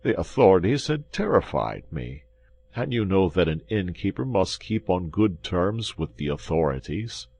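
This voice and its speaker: A man's voice: sits low, very animated, moderate pace, creaky, darkish tone, husky, full character voice. A man voicing a frightened innkeeper who pleads in a trembling, pitiable voice. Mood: anxious.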